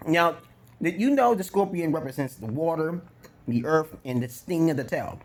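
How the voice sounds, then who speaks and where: A man's voice: on the high side, a little mellow. A man from Brooklyn with a New York accent, talking bluntly and profanely in a rambling casual monologue at home, chewing gum as he speaks. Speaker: vlogger giving dating talk.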